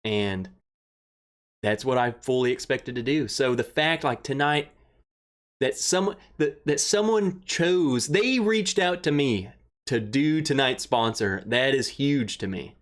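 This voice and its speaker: Young man, livestream host, casual rambling chat, excitable, emotional, mid-pitched voice. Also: slow. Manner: rambling, excitable, emotional, greets chatters by name. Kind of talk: casual livestream chat, reading viewer comments.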